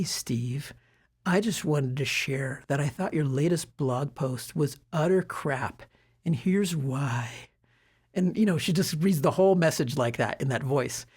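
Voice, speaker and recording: A middle-aged man with a husky voice, giving self-development advice in a relaxed, conversational way with frequent fillers and restarts. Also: fairly high pitch. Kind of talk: casual talk to camera.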